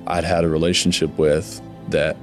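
A man telling his personal faith testimony in an earnest, emotional, halting way, often pausing on "like". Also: very deep voice, level tone, faint music behind. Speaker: guest sharing his testimony.

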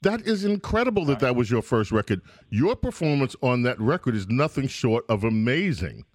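A man's voice: medium pitch, very animated, normal speed, a little mellow, no room sound. Male host, enthusiastic interviewer, dry close sound. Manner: enthusiastic, asks follow-up questions.

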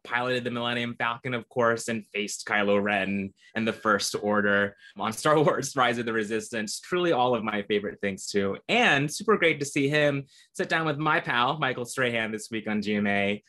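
A man's voice: medium pitch, sharp tone. A man from Orlando co-hosting a podcast, reading park news with enthusiasm and easy laughter. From Orlando, Florida. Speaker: podcast co-host. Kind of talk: casual podcast news chat.

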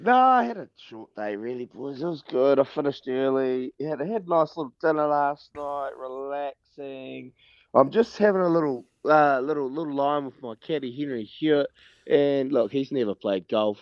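Relaxed New man on a dull phone line. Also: medium pitch, moderate pace, clean tone, dry recording. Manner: relaxed, chatty, mimics people in his stories. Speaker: golfer calling in as guest. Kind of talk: casual chat on a phone call.

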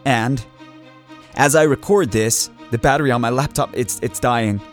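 A man's voice: medium pitch, soft background music, lightly acted. An actor playing an eccentric man who records a solemn, grandiose farewell message to humanity in an audio drama. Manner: slow, grandiose, with mock-Latin pronouncements.

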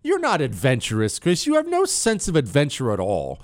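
A man's voice: fairly high pitch, wildly swooping pitch, moderate pace, no echo, clean studio sound. A man hosting a radio show, bragging playfully and teasing a co-host off mic in casual monologue. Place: radio studio. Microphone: studio mic.

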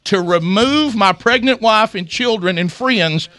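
A middle-aged man spins a comic story with a bright, lively voice, laughing as he goes. He slips into the voices of the people he quotes. The sound is close and dry. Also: high voice, measured pace, no echo. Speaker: storyteller guest. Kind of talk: comic storytelling in casual chat.

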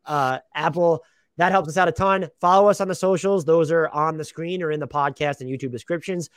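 A fast-talking man co-hosting a sports podcast, his voice sitting a bit high for a man. He banters in a profane, self-deprecating way, recorded dry and close on a podcast mic. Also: fairly even intonation, smooth, no room sound. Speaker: podcast co-host. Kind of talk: casual sports podcast chat.

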